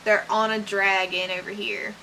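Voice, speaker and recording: A woman's voice: mid-range voice, flat delivery, moderate pace, pushed and bright, slight background noise, poor audio. A young woman unboxing books in a casual vlog, chatty and gushing, with fillers and little laughs. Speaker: book unboxing vlogger. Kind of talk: casual unboxing chat, reading blurbs aloud.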